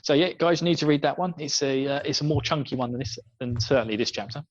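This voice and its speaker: A man's voice: mid-range voice, fast. A man co-hosting a book podcast who chats in a jokey way and laughs often. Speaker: podcast co-host. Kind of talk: casual chat. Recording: dull lo-fi recording.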